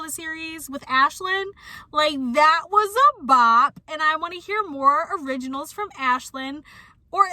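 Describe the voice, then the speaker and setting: A young woman chats through an episode recap, her voice high and bright, swinging into squeals of fan delight. She talks casually and fast, full of "like" and "literally." The sound is close and dry, with no room around her. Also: no room sound. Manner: gushing fangirl recap, lively and animated. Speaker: reaction video host. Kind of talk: casual chat.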